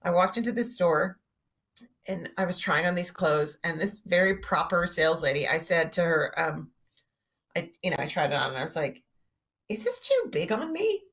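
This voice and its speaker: A woman's voice: sits low, moderate pace. A woman from Canada telling self-mocking comic anecdotes on a podcast, acting out the people in her stories. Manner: animated, self-mocking, acts out voices in anecdotes. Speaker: guest co-host. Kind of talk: comedic storytelling chat.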